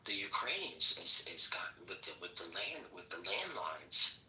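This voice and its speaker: Deep man, halting and off-mic. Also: sing-song, pushed and bright, recorded from a distance. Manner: halting, searches for words, trails off into whispery asides. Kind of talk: casual chat. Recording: roomy echo, somewhat off-mic.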